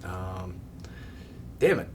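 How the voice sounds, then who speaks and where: A man's voice: sits low, sing-song, darkish tone, a little hiss or hum. Joking man hosting a gaming chat. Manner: joking, quick banter. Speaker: gaming channel host. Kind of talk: casual chat while gaming.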